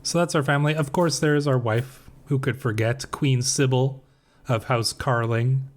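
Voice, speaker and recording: A man's voice: mid-range voice, moderate pace, a little hiss or hum. A man casually talking through his strategy game as a roleplay streamer, musing aloud with frequent fillers and restarts. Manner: relaxed, musing, with frequent fillers and self-corrections.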